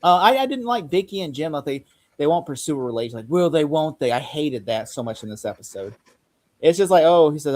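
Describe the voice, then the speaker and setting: A man hosting a laid-back TV recap, with a voice sitting a little high for a man. He keeps slipping into quick character voices as he retells scenes. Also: animated, darkish tone. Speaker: podcast host. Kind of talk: casual TV recap chat.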